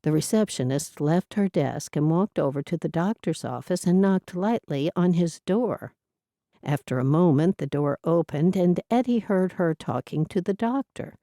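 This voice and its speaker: A woman narrating an audiobook in measured storytelling. Her voice is low and mellow with a lively, varied pitch, recorded close and dry. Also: dry recording. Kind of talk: scripted narration.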